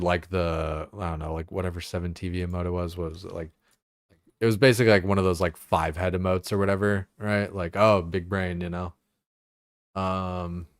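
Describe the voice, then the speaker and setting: Low-voiced man in casual stream chat. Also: no echo, clean studio sound. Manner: rambling, profane, filler-heavy. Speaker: game streamer.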